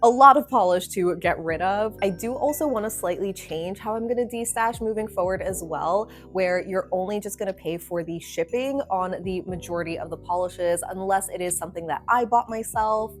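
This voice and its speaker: A woman's voice: medium pitch, brisk, hardly any pauses, faint music behind. A young woman hosting her own nail polish channel, chatting to camera in a rambling, apologetic way with plenty of fillers. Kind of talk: casual talk to camera.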